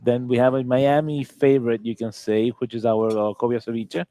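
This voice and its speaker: A man, a restaurant chef, describing his dishes in a halting way with lots of fillers and repeated yeses. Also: mid-range voice, flat delivery, mellow, no echo. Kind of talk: casual chat describing dishes.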